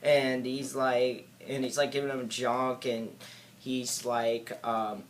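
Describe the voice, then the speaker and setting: A man's voice: medium pitch, little pitch movement. Hesitant young man reviewing a film. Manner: hesitant, halting, many filler words and restarts. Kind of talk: casual spoken film review.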